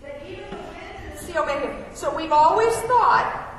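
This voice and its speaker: Her very high voice is animated and moves at a normal speed as she delivers a conversational sermon. She reads passages of scripture and puts questions to the congregation, all captured by a distant mic in a reverberant hall.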